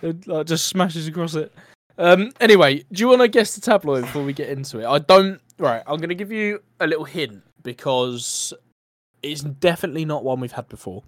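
A man's voice: fairly high pitch, lively intonation, a little fast, no room sound, studio quality. A man hosting a casual comedy podcast, teasing his co-hosts with a guessing game and laughing often. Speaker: podcast host.

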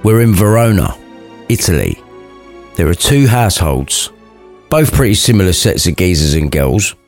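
A man's voice: low-pitched, very animated, normal speed, faint music behind. A man retelling a classic story as a crude, irreverent comedy, full of sweary asides.

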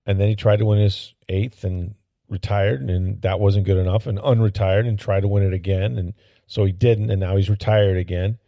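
Gravelly, low-voiced sports talk man. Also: fairly even intonation, moderate pace, mellow, no echo, clean studio sound. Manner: rambling and opinionated, with frequent fillers and restarts. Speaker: sports podcast host. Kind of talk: casual sports talk commentary.

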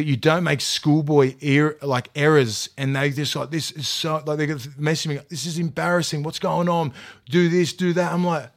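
A man, a former rugby league player, ranting heatedly and profanely in casual podcast chat with lots of fillers. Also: mid-range voice.

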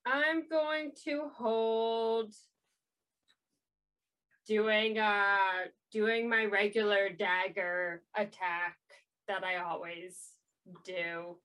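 Slow, bright-voiced woman player. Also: medium pitch, steady tone, low-quality recording. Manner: hesitant, halting, many ums. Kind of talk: playing a tabletop game.

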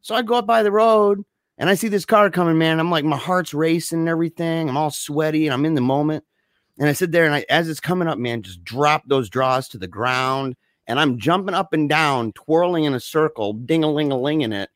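A man casually telling a story, slangy and animated, acting out the voices of the people in it. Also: a little high, a little fast, no echo, studio quality. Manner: animated, acts out voices in his stories; slangy, says dude and man often. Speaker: podcast co-host telling a story.

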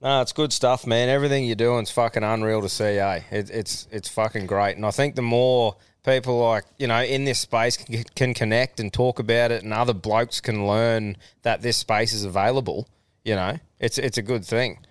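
An Australian man hosting a podcast in a loose, easygoing chat, swearing freely and laughing often. His voice is smooth and resonant, recorded close and dry with no room sound. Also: medium pitch, fairly even intonation, normal speed, no room sound. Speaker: podcast host. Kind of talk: casual chat.

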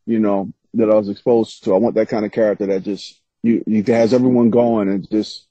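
A man's voice: lowish voice, a little fast, few pauses, dry recording. A man, an author guest, telling stories in casual interview chat with frequent laughs. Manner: animated storytelling, laughs often. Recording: slightly dull lo-fi sound.

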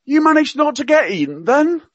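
A man voicing a blunt, tactless elderly royal gentleman, trying for a Cockney accent and firing off cheeky, rude one-liners. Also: very high-pitched, big pitch swings, brisk, no room sound, pitched above the performer's own voice, heavily acted. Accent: attempted Cockney. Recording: dull, dry lo-fi sound.

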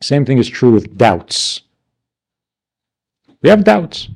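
A man's voice: mid-range voice, very animated, takes it slowly, vocal fry, a little mellow. A man teaching a class, asking rhetorical questions and answering them himself with wry, mock-indignant asides. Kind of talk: class lecture.

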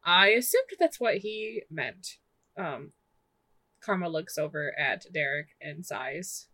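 A woman's voice: low-pitched, lively intonation, pushed and bright, no echo. A woman playing a tabletop role-playing game, narrating her character's actions with frequent laughter. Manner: giggly, quick in-character narration. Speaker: player.

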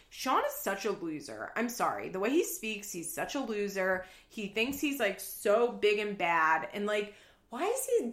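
A woman's voice: on the high side, a bit bright, reverberant. Chatty sarcastic woman podcast host. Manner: chatty, sarcastic, swears freely. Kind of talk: casual recap podcast.

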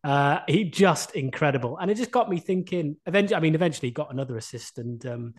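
A man's voice: on the high side, animated, fast. A young man from the UK co-hosting a podcast, telling a rambling, self-deprecating story and laughing often. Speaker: podcast co-host. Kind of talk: casual chat.

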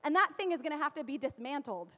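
A woman in her thirties giving a casual, chatty sermon, full of fillers and quick laughs. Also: sits high, sing-song, a bit bright. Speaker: preacher. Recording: long hall reverb.

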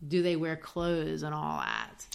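A woman's voice: sits low, wildly swooping pitch, a little slow, vocal fry, exaggerated voice. A woman voicing a proud, impatient young woman who scolds her mother while retelling a play. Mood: exasperated.

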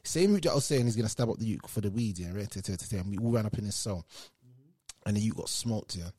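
A man's voice: fairly low pitch, quick pace. Guy telling a story, loads of slang, acts out the other voices, casual chat. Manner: animated storyteller, heavy street slang, acts out quoted voices.

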